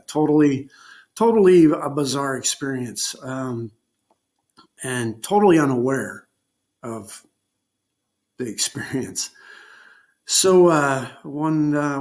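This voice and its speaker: A man recounting a personal ordeal as an interview guest, speaking haltingly with frequent pauses and filler words. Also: medium pitch, a little mellow. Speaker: guest telling his survival story. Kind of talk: unscripted personal storytelling.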